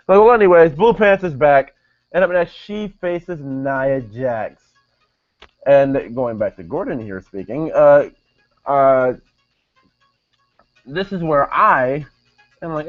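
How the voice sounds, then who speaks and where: A young man talks through a wrestling episode in a loose, rambling way, full of fillers and restarts. His mid-pitched voice comes through dull and lo-fi, and faint music plays behind him. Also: measured pace, pauses often, no echo. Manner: rambling, many fillers and self-corrections. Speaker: wrestling show reviewer. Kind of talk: casual video review.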